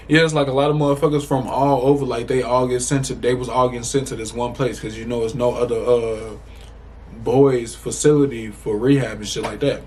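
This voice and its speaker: A young man from the Chicago area telling a casual storytime to the camera, animated and profane, rambling with many restarts. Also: mid-range voice, slight background noise. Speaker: storytime vlogger.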